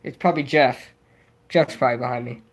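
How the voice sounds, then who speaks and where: A young man hosting a casual livestream, rambling excitably and answering viewers' chat as he goes. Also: medium pitch, fast talker. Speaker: livestream host.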